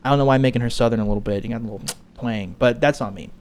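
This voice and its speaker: A man's voice: mid-range voice, rapid-fire, darkish tone, a little hiss or hum. A man telling a rambling, profane story as casual gaming commentary while he plays. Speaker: gaming streamer.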